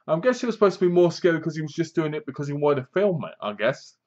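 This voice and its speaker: A man's voice: a little high, very animated, rapid-fire, darkish tone, a little hiss or hum. Rambling man reviewing a film, lo-fi sound. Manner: rambling, loose, many restarts. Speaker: movie reviewer. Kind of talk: casual spoken film review.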